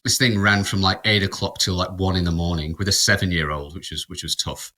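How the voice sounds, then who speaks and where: A man co-hosting a podcast, spinning a loose, rambling anecdote full of restarts. His voice sits fairly low, with a bright, forceful edge. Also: steady tone, a little fast. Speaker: podcast co-host. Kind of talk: casual storytelling.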